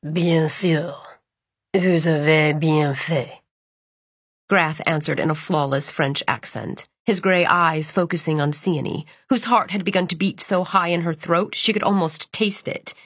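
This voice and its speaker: A woman narrating a novel in a measured, even storytelling voice. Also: lowish voice, slightly rough, dry recording. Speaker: audiobook narrator. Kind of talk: scripted audiobook narration.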